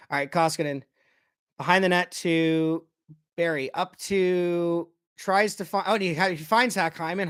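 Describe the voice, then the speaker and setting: A man giving casual play-by-play of a hockey game as a fan, excitable and quick to swear, breaking into shouts when his team scores. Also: fairly high pitch, clear, resonant tone. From Canada. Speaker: fan commentator. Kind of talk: casual play-by-play watch-along.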